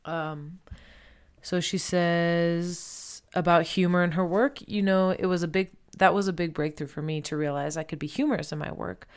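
A woman's voice: fairly low pitch, steady tone, moderate pace, clean tone. A woman presenting art in casual chat, chatty, laughing often and saying "like" a lot.

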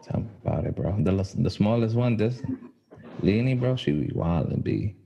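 A man's voice: fairly low pitch, lively intonation, normal speed, vocal fry, dark tone, slightly rough. A man chatting easily with a friend about fatherhood, in streetwise slang and laughing easily, heard over dull, slightly lo-fi call audio. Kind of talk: casual chat.

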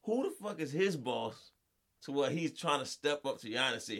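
A man co-hosting a sports podcast, his pitch swinging widely as he riffs. He talks in loose, profane banter and breaks into laughter often. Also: expressive, moderate pace, fairly bright tone. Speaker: podcast co-host. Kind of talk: casual sports chat.

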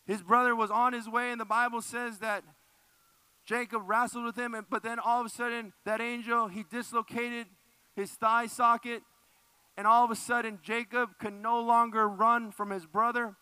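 A man preaching a sermon, emphatic and repeating phrases for effect, often dropping low and soft. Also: little pitch movement, normal speed, clear, resonant tone, dry recording. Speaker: pastor.

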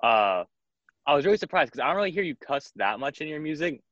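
A man's voice: fairly high pitch, sing-song, fairly bright tone, dry recording. Male fan interviewer, eager and rambling, dry lo-fi sound. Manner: enthusiastic, rambling, slow drawl.

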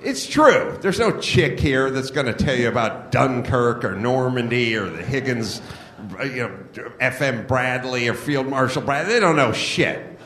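A man's voice: mid-range voice, animated, measured pace, fairly bright tone. A middle-aged man hosting a comedy podcast, delivering a blunt, profane, mocking rant to a live audience. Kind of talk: ranting live comedy monologue. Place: live show venue. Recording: echoey live venue.

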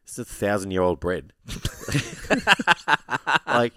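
A man's voice: low voice, slow pace, a bit bright, no room sound, clean studio sound. A man co-hosting a podcast in casual chat, blunt and opinionated, teasing his friend. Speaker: podcast co-host.

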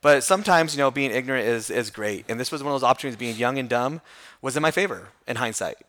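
A man in an interview, a hair school franchise owner telling his story with self-deprecating humor. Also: medium pitch. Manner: fast, animated storytelling with self-deprecating laughs.

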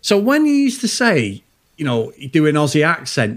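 Lively northern English man chatting films. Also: fairly high pitch, normal speed. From north of England. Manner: animated, swears freely, laughs often. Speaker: podcast co-host. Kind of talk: casual film review chat.

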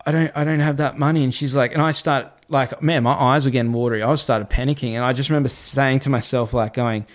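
A man's voice: mid-range voice, quick pace, few pauses. Man telling a long story. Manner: animated, repetitive, swears freely. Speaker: podcast guest. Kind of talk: casual storytelling.

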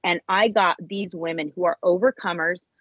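Husky woman telling an emotional testimony. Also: moderate pace, no echo, muffled recording. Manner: animated storyteller, voice jumps high when reenacting. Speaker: interview guest, author.

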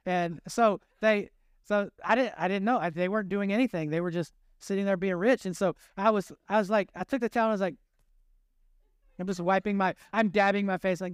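A man with a high, smooth, resonant voice preaches a sermon, recorded close and dry. He tells stories with self-deprecating humor and acts out little conversations, speeding up and slowing down as he goes. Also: no echo. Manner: animated, shifting pace. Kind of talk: storytelling sermon.

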